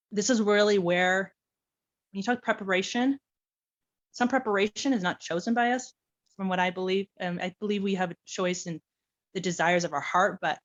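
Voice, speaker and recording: In a mid-range voice with the highs cut off, a woman recounts how she was adopted, playing out quoted lines with lots of animation and frequent laughter.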